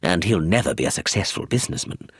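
Male reader as a dry formal lawyer, brisk and husky. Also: low-pitched, sing-song, no room sound, exaggerated voice.

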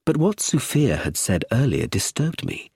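Man, audiobook narrator, husky, lively lilting delivery, dry close mic. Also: medium pitch, moderate pace, no room sound. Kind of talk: first-person storybook narration.

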